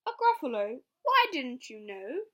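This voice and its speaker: A woman voicing a quick-thinking little mouse in an emphatic read-aloud. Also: high voice, big pitch swings, dull audio, voice pushed up. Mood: cheeky.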